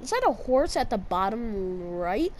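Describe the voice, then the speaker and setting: A woman giving casual, jokey commentary while playing a game, yelping and shouting at the action. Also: mid-range voice, measured pace, slight background noise. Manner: excitable, yelps and shouts at the game; jokey, teasing asides to viewers. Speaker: gamer.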